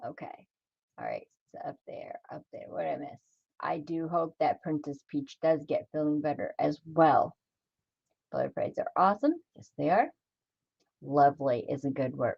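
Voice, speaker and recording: A woman's voice: lowish voice, no room sound, dull audio. A woman chatting casually on a crafting livestream, talking to herself as she works and greeting viewers by name.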